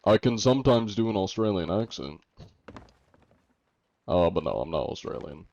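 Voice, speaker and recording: A man's voice: low voice, expressive, moderate pace, a little mellow, no echo. A young American man streaming a game, reading chat aloud and answering it with jokes. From United States. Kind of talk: casual livestream chat. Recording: dull lo-fi stream audio.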